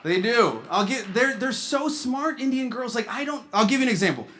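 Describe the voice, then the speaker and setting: High, bright-voiced male stand-up comedian. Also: normal speed, slight background noise. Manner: punchy, animated delivery. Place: charity gala stage.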